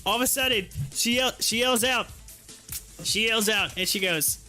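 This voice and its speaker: High, bright-voiced chatty man host. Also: normal speed, faint music behind. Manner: chatty, laughs often, frequent restarts. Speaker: live stream host. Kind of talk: casual chat, storytelling. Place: home.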